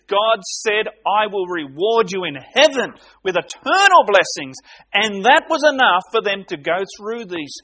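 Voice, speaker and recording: Man, preacher, slow emphatic sermon, expressive rising voice. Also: high-pitched. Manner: slow, emphatic preaching with dramatic pauses, reading scripture aloud. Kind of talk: expository sermon.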